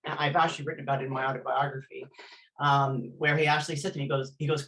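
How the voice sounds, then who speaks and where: This deep, slightly bright female voice moves at a quick pace with fairly even intonation, heard on a rough recording. The speaker is a Canadian former elite athlete giving an interview, earnestly and intensely recounting her history with many sentence restarts.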